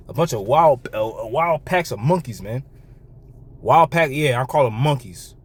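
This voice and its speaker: A man giving a reaction commentary and reading scripture, talking in an animated way with repeated words, restarts and laughs between remarks. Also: medium pitch, normal speed, husky. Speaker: online commentator.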